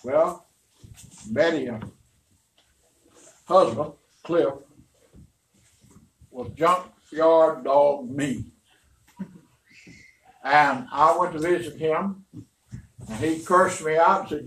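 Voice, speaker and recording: A man's voice: a little high, slow pace, long pauses, fairly bright tone. An older man, a pastor, preaching a storytelling sermon in a folksy, rambling, emphatic way. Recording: roomy, distant, faint noise.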